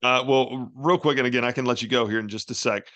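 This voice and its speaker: A man hosting a podcast, putting short, playful questions to his guest. His voice sits at a middling pitch and sounds dry and close, with no room around it. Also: fairly even intonation, quick pace, fairly bright tone, no echo, muffled recording. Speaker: podcast host. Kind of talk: casual interview questions.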